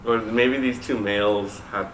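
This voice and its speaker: A man's voice: fairly low pitch, steady tone, measured pace. A man co-hosting a mukbang at home, chatting casually and giggling while he eats, rambling with lots of "like". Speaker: co-host of a home mukbang channel. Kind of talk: casual chat while eating. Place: at home, at the dinner table. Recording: echoey room with background noise.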